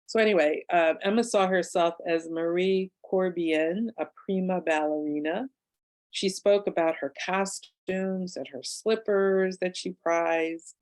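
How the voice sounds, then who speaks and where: A woman's voice: on the low side, a little slow, a little mellow, rough recording. A woman, an author and past-life regressionist, telling a client's case story in a conversational way with asides and fillers. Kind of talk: book club talk, telling a case story.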